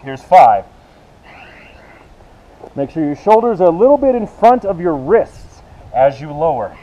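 A man's voice: on the high side, big pitch swings, a little slow, warm tone, highs cut off. Breathless man coaching a workout. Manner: cueing moves and counting reps while exercising. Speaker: fitness instructor.

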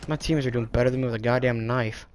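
A man giving live gameplay commentary, frustrated and swearing, with sudden excitable outbursts. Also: mid-range voice, very fast. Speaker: gaming video creator.

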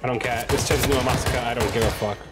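A man's voice: mid-range voice, fairly even intonation, very fast. A man doing let's play commentary, joking and self-mocking and swearing freely as he plays. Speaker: gaming streamer. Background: game music.

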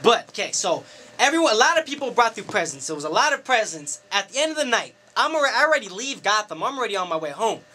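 Dj guy ranting his story to the camera, high voice, lots of slang n swearing. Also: quick pace. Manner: animated, profane, slangy storytelling. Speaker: DJ and club promoter. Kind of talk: casual storytelling monologue to camera.

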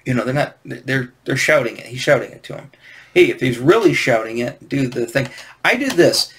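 A man's voice: medium pitch, expressive, normal speed, fairly bright tone. Rambling man explaining comic scripting. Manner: rambling, hesitant, many restarts. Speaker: comic creator teaching scripting. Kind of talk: casual instructional talk.

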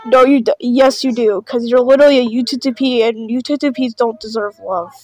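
High-voiced woman, mock-panicked and sarcastic. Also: fairly even intonation, fairly quick, a little mellow, poor audio. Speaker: video creator reacting to videos. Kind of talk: casual reaction commentary.

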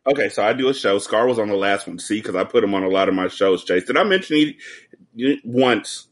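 A man's voice: on the low side, lively intonation, a little fast. A man as a podcast guest, telling stories and jokes in a profane casual chat over a video call. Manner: joking, profane storytelling.

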